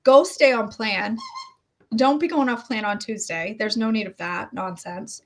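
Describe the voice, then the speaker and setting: A middle-aged woman talks to her followers in a loose, rambling way and makes fun of herself as she goes. Her voice sits a little high for a woman. The delivery is unscripted and conversational, like a health coach's daily check-in. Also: measured pace. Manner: chatty, rambling, self-deprecating. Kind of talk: casual chat.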